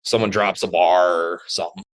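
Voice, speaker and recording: A man's voice: deep voice, steady tone, fairly quick. A man chatting casually as a podcast guest, hesitant and rambling with many restarts. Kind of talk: casual chat.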